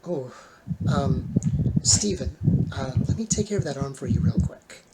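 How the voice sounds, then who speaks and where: A game master doing a composed male sorcerer in a tabletop game, speaking in a calm, level, unruffled way at a middling pitch. The recording carries a clear hiss of background noise. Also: a little slow. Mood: calm, even. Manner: very calm, even delivery.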